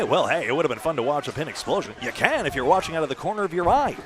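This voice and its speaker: A man calling bowling play-by-play, animated on each shot with chatty asides. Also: a little high, rapid-fire. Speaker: play-by-play commentator. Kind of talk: live sports commentary. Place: bowling alley. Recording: noisy bowling alley broadcast.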